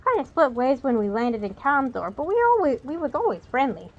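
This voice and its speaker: A woman's voice: high voice, big pitch swings, a little fast, highs cut off. A woman doing a tough New York goblin man. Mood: reminiscing. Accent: put-on New York. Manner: blunt, slangy. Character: streetwise adult male goblin, tough-talking.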